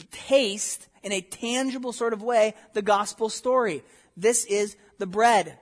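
Preacher, male, high-pitched, emphatic, rhetorical, sermon delivery. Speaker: pastor.

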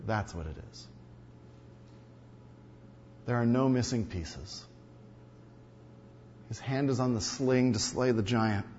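A male pastor preaching a sermon, emphatic, repeating key lines and swinging between loud and hushed delivery. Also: medium pitch, slow pace, long pauses, slight background noise. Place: large hall or sanctuary. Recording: dull sound with long hall reverb.

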